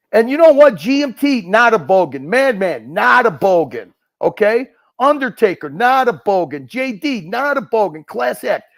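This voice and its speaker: A man's voice: high-pitched, gravelly. A man hosting a livestream, ranting and hurling insults in profane, mocking chat. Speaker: livestream host.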